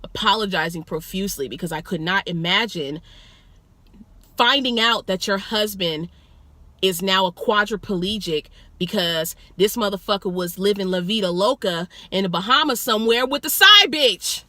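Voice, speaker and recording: Bright, animated woman telling a story. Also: mid-range voice, moderate pace, no room sound. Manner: profane, animated, acts out quotes. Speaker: rideshare driver telling a passenger story.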